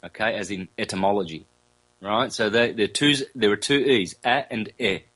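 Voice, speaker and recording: A man with a fairly low voice holds forth as an interview guest. He explains in a relaxed, rambling way, circling back to repeat phrases. He slows down to sound out single vowels, with casual fillers and self-corrections along the way. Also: husky, low-quality recording.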